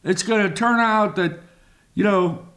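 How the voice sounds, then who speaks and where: Reading scripture aloud during a sermon, a man explains it dramatically, sometimes dropping to a whisper. He talks slowly and deliberately in a high voice that's a bit bright.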